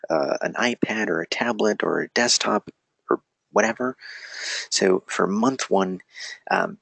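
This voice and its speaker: Man, online instructor, casual rambling lecture, deep gravelly voice, dry close sound. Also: fairly bright tone, no room sound. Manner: rambling, self-deprecating, frequent restarts and digressions. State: feeling a little weak.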